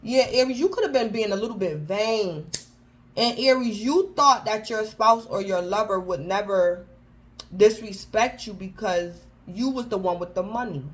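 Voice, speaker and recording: A woman's voice: mid-range voice, normal speed, rough recording. Chatty woman giving a tarot reading. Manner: chatty, keeps calling out the sign by name; informal slangy phrasing with frequent restarts. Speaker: tarot reader. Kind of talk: casual tarot reading to camera.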